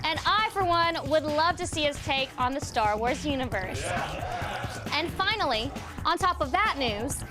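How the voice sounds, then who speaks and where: High-voiced woman reading news over music. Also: lively intonation, moderate pace. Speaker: TV news segment host. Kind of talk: scripted entertainment news read.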